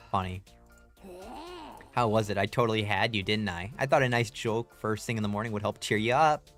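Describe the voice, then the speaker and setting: A man's voice: lowish voice, moderate pace, fairly bright tone, faint music behind, natural voice. A man putting on the voice of a cheeky, unhinged schoolgirl prankster, reading game dialogue aloud with teasing, slangy banter.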